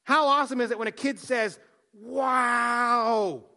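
A man, a pastor, preaching a sermon, swinging from soft hushed line endings to loud emphatic lines. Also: very high-pitched, fast.

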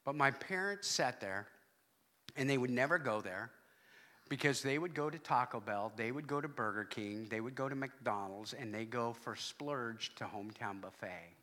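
A man preaching a sermon to his congregation, animated, with loud exclamations and hushed asides. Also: mid-range voice, normal speed. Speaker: pastor.

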